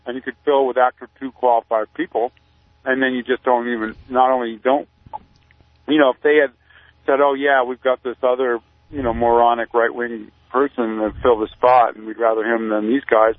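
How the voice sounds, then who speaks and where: A man calling in to a radio show, talking in a halting, rambling way with deadpan satire. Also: medium pitch, no echo. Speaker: caller, community activist. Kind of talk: casual radio interview over the phone. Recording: tinny phone line.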